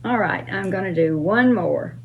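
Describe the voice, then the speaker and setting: A woman's voice: medium pitch, lively intonation, moderate pace, creaky, narrow, tinny audio, a little hiss or hum. An older woman hosting her own channel, answering fan questions in an emphatic, casual way with frequent uh and um.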